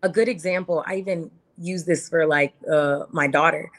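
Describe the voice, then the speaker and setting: A woman's voice: low-pitched, moderate pace. A woman in her thirties, a podcast guest talking earnestly and with feeling, acting out quotes in her own words. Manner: earnest and animated, acts out quotes. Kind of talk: casual interview chat.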